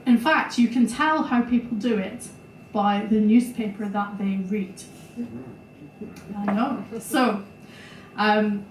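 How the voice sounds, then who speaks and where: Scottish woman comic, unhurried and halting, roomy far-off live recording. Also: mid-range voice, a little hiss or hum. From Scotland. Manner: self-deprecating, halting with fillers. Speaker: stand-up comedian. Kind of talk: stand-up comedy set. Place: small venue with live audience.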